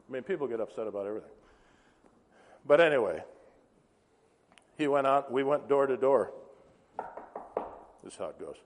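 Guy preaching, acting out the story, lots of pitch swings, long hall echo. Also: moderate pace, long pauses. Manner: animated storyteller acting out dialogue. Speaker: pastor. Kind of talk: sermon storytelling. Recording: reverberant hall.

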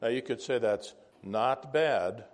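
Brief: male Bible teacher, casual and chatty, mid-pitched voice, quizzes the room. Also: slow. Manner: conversational, asks the class questions, wanders into asides. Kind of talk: informal Bible class teaching.

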